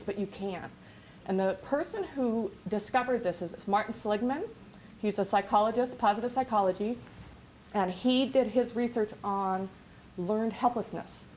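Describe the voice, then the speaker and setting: A woman business coach giving an energetic, rambling workshop lecture with many restarts. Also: mid-range voice, slight background noise, rough recording.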